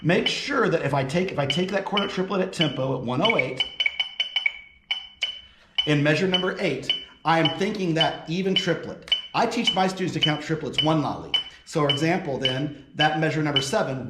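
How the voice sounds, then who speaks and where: Counting rhythms out loud while demonstrating, this percussion professor offers audition advice during a lesson. He speaks at a moderate pace in a fairly high voice, and the roomy recording is very noisy with loud marimba.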